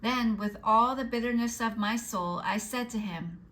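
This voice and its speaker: Bright-voiced woman reading devotional text. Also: a little high, moderate pace, few pauses, poor audio. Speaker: devotional reader. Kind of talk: scripted reading of a religious text.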